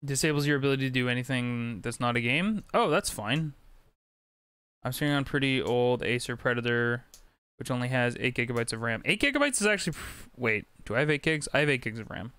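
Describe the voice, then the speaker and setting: A young man streaming a game talks to his chat in a mid-range voice that is expressive, fairly quick, sharp in tone and smooth. He swears freely throughout his casual commentary. There is no echo, and game music and sound effects play behind him.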